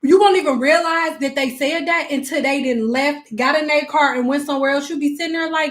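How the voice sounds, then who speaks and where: A woman hosting a livestream, chatting casually with viewers and answering their comments. She laughs often and acts out quick voices when she quotes people. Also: high-pitched. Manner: laughs often while talking. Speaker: livestream host talking to viewers.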